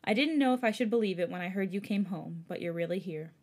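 A woman reading the lines of a hurt, angry young man in a fan story, in a soft, hushed voice. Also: medium pitch, quick pace, close to an everyday voice.

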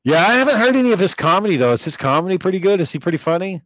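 A man's voice: sits high, racing, no room sound. A man chatting casually and swearing a lot as he retells stories with quoted voices. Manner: profane, animated storytelling with quoted voices. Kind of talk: casual chat. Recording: muffled dry sound.

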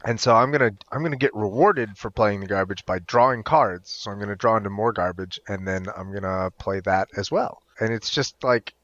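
A man co-hosting a casual podcast, joking in a dry, deadpan way. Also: fairly low pitch, a little fast, hardly any pauses, no room sound, muffled recording. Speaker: podcast co-host. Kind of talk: casual chat.

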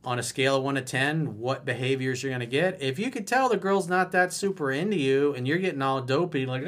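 A man's voice: mid-range voice, animated, brisk, hardly any pauses, fairly bright tone. Blunt, mocking male dating coach. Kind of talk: advice monologue.

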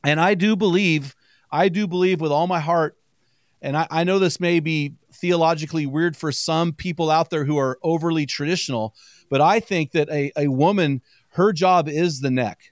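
Chatty upbeat man, fast storyteller. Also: on the high side, no room sound, studio quality. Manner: energetic storyteller, quick and chatty, laughs often. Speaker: podcast guest. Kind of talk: casual chat.

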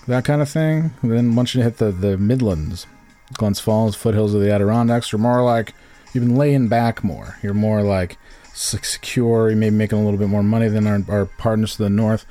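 A man's voice: lowish voice, steady tone, moderate pace, mellow, soft background music. A young man, co-hosting a casual podcast chat, rambling and joking and slipping into put-on local voices. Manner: rambling, jokey, slips into put-on regional voices. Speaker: podcast co-host.

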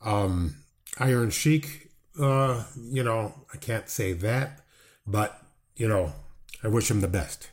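A man hosting a chat show, talking deliberately with dry, wry asides. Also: on the low side. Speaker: podcast host. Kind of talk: casual interview chat.

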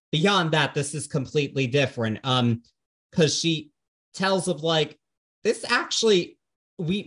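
A man with a slightly raised speaking pitch talks through a record in casual podcast chat. He sounds earnest and reflective as he weighs each song. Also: fairly bright tone. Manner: earnest, thoughtful. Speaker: podcast co-host. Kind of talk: casual music review chat.

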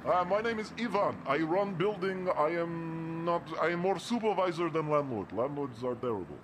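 A man's voice: on the high side, animated, moderate pace, background noise, close to an everyday voice. A man doing a friendly broken-English supervisor. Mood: chatty. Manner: broken English, dropped articles. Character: gruff foreign building supervisor man, friendly.

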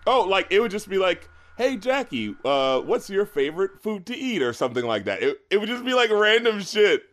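A man's voice: high voice, sing-song, fairly quick, fairly bright tone. A man hosting a podcast in casual chat, often laughing and acting out quotes. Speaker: podcast host.

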